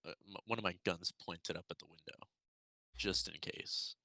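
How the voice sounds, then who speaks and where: Player guy, bright sharp voice, super animated, dry close sound. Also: deep voice, moderate pace, creaky, no room sound. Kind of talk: tabletop game play.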